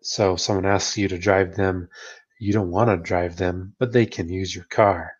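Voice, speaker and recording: A man co-hosting a casual book discussion podcast, chatty and relaxed, often tagging "right?" and laughing. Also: sits low, moderate pace, slightly rough, lo-fi sound. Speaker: podcast co-host, therapist.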